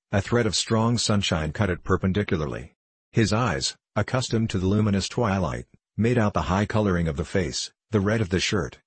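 A man narrates a classic novel at a measured, steady pace. His voice sits very low and has a husky grain. The recording is dry and close, with no room sound. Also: no echo. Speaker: audiobook narrator.

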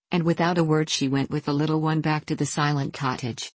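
A woman narrating a story in a calm, measured audiobook reading. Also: low voice, no room sound.

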